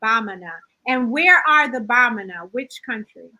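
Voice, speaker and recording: A woman's voice: a little high, lively intonation, normal speed, sharp tone, rough recording. A woman hosting an interview, curious and affirming, who asks her guest to spell out names. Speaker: host.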